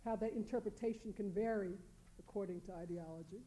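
A woman on a panel reading a prepared academic talk, measured and deliberate, leaning on key words for emphasis. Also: mid-range voice, warm tone, slight background noise, rough recording. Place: lecture hall panel.

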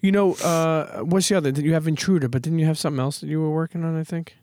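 A man's voice: a little high, steady tone, quick pace, a little mellow, no echo. Casual host man with dry close sound. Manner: loose, swearing, repeats himself. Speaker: podcast host. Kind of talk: casual interview chat.

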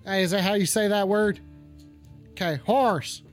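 A man's voice: high voice, little pitch movement, fast, soft background music. A man hosting a live call-in stream in character as a touchy, swearing cowboy with a put-on drawl, rambling and reacting to chat.

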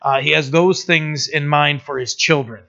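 A man's voice: fairly high pitch, fairly even intonation, normal speed, gravelly, sharp tone. A man preaching a sermon as pastor, in a conversational way, asking the congregation questions. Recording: dull lo-fi recording.

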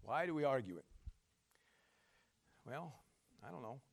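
A man preaching a sermon in a folksy, conversational way, calling to his listeners and swinging from shouts down to quiet asides. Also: big pitch swings, a little slow, vocal fry, breathy edge. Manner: emphatic call-and-response preaching, shouting at peaks, then dropping low.

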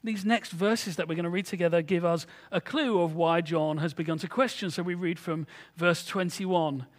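High-voiced preacher in a reverberant hall. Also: male voice, fairly even intonation, normal speed. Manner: conversational, earnest preaching with rhetorical questions. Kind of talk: sermon.

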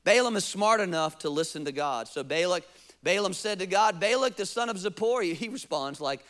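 A male pastor preaching a sermon, acting out quotes and asking rhetorical questions, sometimes dropping to a soft, close appeal. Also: sits high, animated, moderate pace.

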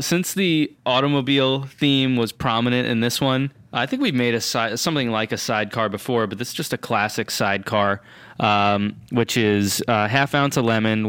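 A man co-hosting a podcast, explaining a cocktail recipe with dry, deadpan humor. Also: lowish voice, smooth, no room sound. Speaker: podcast co-host and drink mixer. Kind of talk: casual podcast chat.

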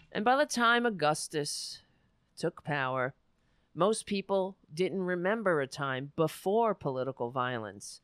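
Emotional woman host, smooth dry voice. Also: on the low side, dry recording. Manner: emotional, rambling, restarts and trails off into soft murmurs. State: near tears. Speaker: talk show host. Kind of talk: casual on-air monologue.

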